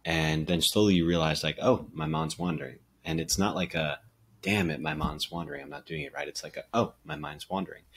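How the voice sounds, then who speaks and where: A man's voice: rumbling low, a bit bright, a little hiss or hum. Young male vlogger, bottom-of-the-range voice, casual and rambling, self-deprecating. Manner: meandering, many fillers, self-deprecating. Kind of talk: casual reflective monologue.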